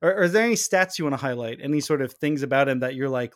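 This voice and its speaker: A man's voice: medium pitch, lively intonation, fast, dry recording, clean studio sound. A man hosting a casual sports podcast, rambling and correcting himself with frequent laughs. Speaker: podcast host.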